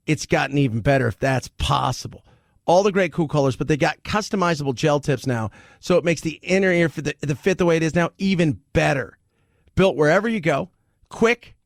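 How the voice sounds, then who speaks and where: Male radio host, gravelly, slightly high, animated and joking, dry studio sound. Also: dry recording. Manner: joking, animated, laughs often. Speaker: radio talk show host. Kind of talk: casual talk radio monologue.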